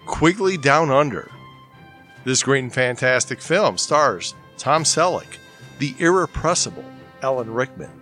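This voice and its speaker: A man's voice: mid-range voice, pushed and bright. A man hosting a movie podcast in a laid-back, rambling way, chuckling often. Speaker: podcast host. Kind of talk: casual podcast chat.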